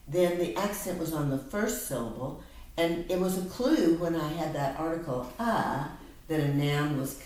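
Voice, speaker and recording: Low-voiced woman tutor in an echoey room. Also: a little mellow, recorded from a distance. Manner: patient, explains step by step. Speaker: reading and spelling tutor. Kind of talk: one-on-one phonics lesson. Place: room with a whiteboard. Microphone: laptop camera on a table.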